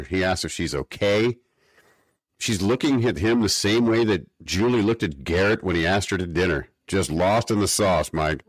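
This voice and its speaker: A man with a very low voice, recorded dry and close. He co-hosts a podcast in casual chat, given to wry, mock-academic rants. His tone stays easygoing and conversational. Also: dry recording. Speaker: podcast co-host. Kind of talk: casual chat recapping an episode.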